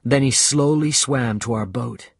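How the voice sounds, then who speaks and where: Slow, husky male storybook narrator. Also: medium pitch, no room sound, clean studio sound. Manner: slow, measured reading.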